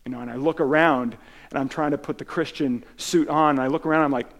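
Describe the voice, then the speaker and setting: Gravelly man preaching a casual sermon. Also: on the high side, steady tone, quick pace. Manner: storytelling with frequent restarts and filler words. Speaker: pastor. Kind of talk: conversational sermon.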